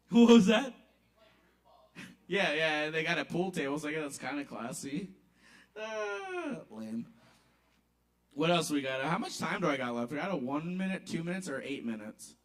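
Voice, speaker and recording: A man's voice: a little high, a bit bright. A man doing comic storytelling at an open mic in a small bar, casual and conversational, acting out the people in it. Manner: casual, conversational, acts out voices.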